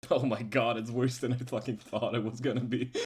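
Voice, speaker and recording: A man's voice: medium pitch, little pitch movement, fairly quick. A young man hosting a casual podcast, laid-back and swearing now and then as he explains how things work. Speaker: podcast host.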